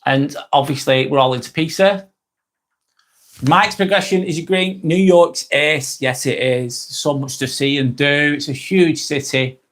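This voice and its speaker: A man's voice: on the high side, unhurried, a bit bright. A middle-aged man with a Lancashire accent hosting a casual live stream, chatting in a friendly way that repeats itself and trails off while reading out viewer comments. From England.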